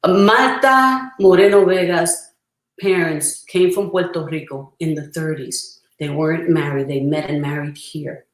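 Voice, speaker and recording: A priestess presenting a spiritual workshop, talking earnestly and reverently with frequent pauses, and reciting a prayer. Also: female voice, low voice. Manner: earnest, reverent, pausing often to gather thoughts. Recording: roomy echo.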